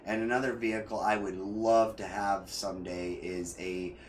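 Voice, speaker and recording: There's a little hiss or hum as this man, speaking at normal speed in a lowish voice, streams relaxed gameplay commentary. He restarts often, leans on fillers, and grows excited and loud when talking cars.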